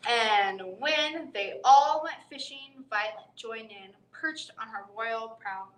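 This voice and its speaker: A woman reading a bedtime picture book aloud to children in a library storytime, expressive and playful with animal sounds. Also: on the high side, slow, hardly any pauses, roomy sound, slight background noise, poor audio. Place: library room.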